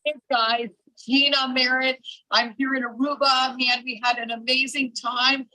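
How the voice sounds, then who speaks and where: A woman recording a motivational pep talk in a resort hotel, emphatic and energetic, repeating herself for push. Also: high-pitched, unhurried, no echo, low-quality recording. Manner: energetic, emphatic, repeats "I'm telling you". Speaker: network marketing team leader. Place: public area of a resort hotel.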